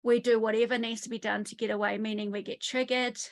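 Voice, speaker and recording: High-voiced woman telling stories. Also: quick pace. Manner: lively storytelling, often acts out quotes. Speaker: trauma therapist. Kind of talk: online summit interview. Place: home in the countryside.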